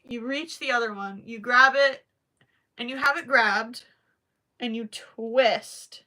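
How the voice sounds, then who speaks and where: Bright-voiced young woman crochet streamer. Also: on the high side, takes it slowly. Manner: chatty, apologetic, giggly, thinks aloud. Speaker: crochet livestream host. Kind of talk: casual livestream chat and crochet demo.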